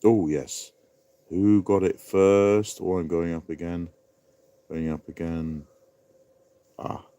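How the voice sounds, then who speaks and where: A man's voice: low-pitched, little pitch movement, slow, warm tone, clean tone, no echo. A man hosting a casual live-stream quiz, chatty and rambling, laughing at his own asides. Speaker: livestream quiz host.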